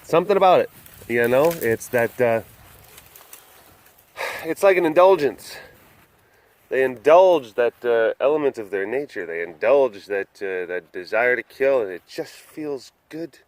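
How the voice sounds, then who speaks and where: A man's voice: medium pitch, expressive, unhurried, no echo. A man casually talking to the camera and to big cats while walking around an animal compound, rambling and playful. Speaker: big cat facility vlogger. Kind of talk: casual walk-around commentary.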